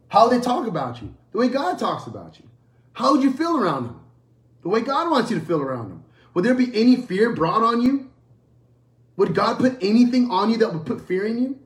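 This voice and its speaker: A man delivering a sermon with a lively, swooping voice that rises higher than most. He hammers points home by repeating phrases and throwing rhetorical questions at the listeners. The sound carries a roomy echo. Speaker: preacher.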